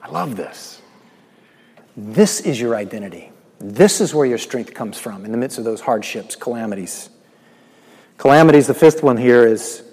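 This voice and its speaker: A man preaching a sermon, swinging between loud proclaiming and quiet, hushed asides. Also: fairly low pitch, breathy edge. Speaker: pastor. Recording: long hall reverb.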